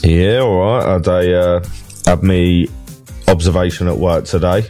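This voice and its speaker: A Cockney man with a very low voice, chatting in a relaxed, teasing way and laughing often. Faint music plays behind him. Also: normal speed. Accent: Cockney London. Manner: laid-back banter, laughs often. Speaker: podcast co-host. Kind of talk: casual chat.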